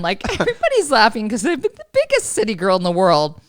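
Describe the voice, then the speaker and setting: Lively laughing woman telling stories. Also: fairly high pitch, a little fast, few pauses, dry recording, studio quality. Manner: animated, laughing storyteller. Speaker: podcast co-host. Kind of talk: casual chat.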